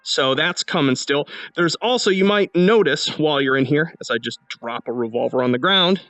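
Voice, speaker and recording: A man's voice: a little high, lively intonation, moderate pace, fairly bright tone, no room sound, faint music behind, rough recording. A man, a game developer, talking through his game's new features in a casual devlog walkthrough while playing, often restarting his sentences. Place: indoor room at home.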